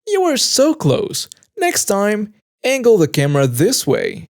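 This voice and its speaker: A controlling young wife, as a man puts her on, stretches her words into a slow, patronizing sing-song. Her voice sits well above the narrator's own, lifted high and thin. It sounds as if she is talking down to someone every time. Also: huge pitch swings, heavily acted.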